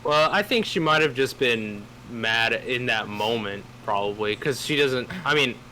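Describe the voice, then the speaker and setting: A man's voice: medium pitch, lively intonation, measured pace, sharp tone, a little hiss or hum, rough recording. A man in casual conversation with a friend, easygoing and reassuring. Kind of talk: casual chat.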